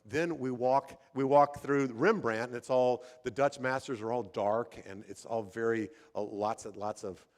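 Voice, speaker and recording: An older man preaching a sermon in a conversational, animated way, often restarting his sentences. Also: medium pitch, unhurried, hardly any pauses. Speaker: pastor. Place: church sanctuary. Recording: long hall reverb.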